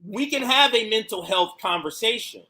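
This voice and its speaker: High, bright-voiced man arguing his point. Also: animated, moderate pace. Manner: argumentative, pointed rhetorical questions. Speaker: political commentary host. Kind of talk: livestream commentary reacting to clips.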